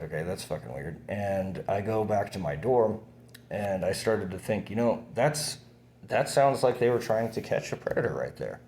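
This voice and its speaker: Rambling, cursing young man, very deep voice. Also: a little mellow, a little hiss or hum. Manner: rambling, profane, many fillers and restarts. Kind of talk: casual monologue recounting events.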